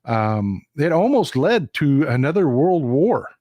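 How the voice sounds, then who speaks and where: A man's voice: a little high, very animated, takes it slowly, dark tone, dry recording. A man with a Texan accent giving a casual political monologue on his live stream, emphatic and repetitive, often calling his viewers folks. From Texas.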